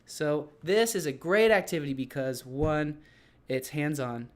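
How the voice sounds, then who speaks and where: A man's voice: fairly high pitch, expressive, measured pace. A man who teaches English, casually explaining his classroom activities to other teachers in a loose, rambling way with frequent restarts.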